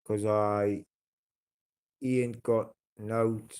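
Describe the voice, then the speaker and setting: Man, broad Geordie accent, livestream chat, unhurried pace, sweary, rambling, blunt. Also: lowish voice, level tone, darkish tone, smooth. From North East England. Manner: blunt, sweary, rambling with many fillers and restarts.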